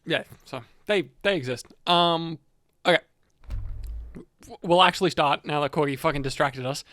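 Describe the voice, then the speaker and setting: A man with a somewhat high voice co-hosts a casual lore podcast. He rambles, swears freely and jokes as he goes. The sound is close and dry. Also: moderate pace, bright, forceful tone, dry recording. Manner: rambling, profane, jokey. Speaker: podcast co-host narrating lore.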